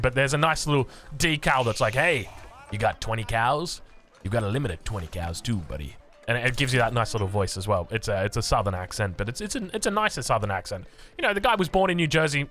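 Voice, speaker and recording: A man with an Australian accent casting a strategy game match with excitable, quick play-by-play commentary full of restarts. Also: fairly high pitch. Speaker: esports caster.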